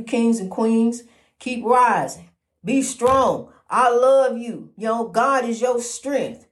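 A woman giving a daily inspirational testimony in a preacherly, repetitive, encouraging way, with many fillers. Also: fairly high pitch. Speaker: motivational speaker. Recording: roomy echo.

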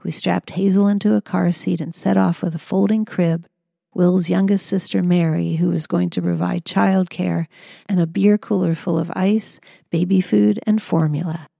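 A woman tells her own story in a calm, measured audiobook reading. Her voice sits low and mellow with a gravelly edge, and the dry booth recording keeps it close and plain. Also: no room sound. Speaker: memoir narrator. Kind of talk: audiobook memoir narration.

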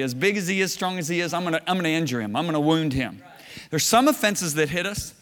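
A man's voice: a little high, fast talker. A middle-aged man preaching a sermon before a congregation, telling stories and acting out his own quoted words with laughs. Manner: storytelling, animated, with laughs and acted-out quotes. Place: church or conference hall. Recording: reverberant hall.

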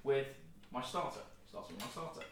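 A man's voice: mid-range voice, brisk, a little hiss or hum. A young man in his twenties hosting a casual family podcast, playfully announcing his dishes with mock ceremony. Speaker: podcast host. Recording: roomy, distant mic, faint clatter.

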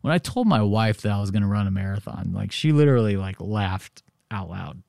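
A man's voice: on the low side, fairly quick, vocal fry, no room sound, clean studio sound. A man hosting a real estate podcast, talking in a casual solo monologue and telling stories with lots of "you know" fillers. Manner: animated storytelling, many "you know" fillers.

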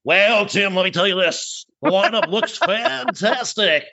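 A man's voice: high voice, expressive, measured pace, pushed and bright, voice pushed up, full character voice. A man doing an over-the-top voice of a male radio DJ announcer. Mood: hyped. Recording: dull lo-fi sound.

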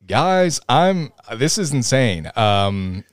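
A man's voice: mid-range voice, big pitch swings, extremely slow, dry recording. A man hosting a casual podcast chat, upbeat and teasing, laughing often. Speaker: podcast host.

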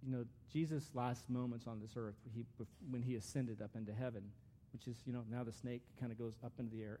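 A man's voice: medium pitch, fairly even intonation, fast, hardly any pauses, mellow, slight background noise. A man giving a conversational, earnest sermon as a pastor, with frequent restarts.

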